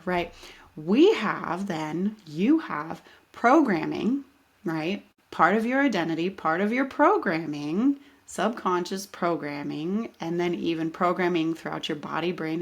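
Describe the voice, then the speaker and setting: A woman in her thirties, a life coach hosting her own podcast, talking casually and animatedly, often checking in with "right?". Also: fairly low pitch. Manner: animated, conversational, peppered with "right?". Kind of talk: casual solo podcast talk.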